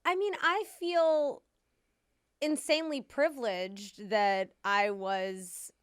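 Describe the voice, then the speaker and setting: A woman's voice: fairly high pitch, steady tone, slow, smooth, dry recording, studio quality. A woman hosting a podcast in casual chat, sincere and chatty, with many "like" fillers. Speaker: podcast host.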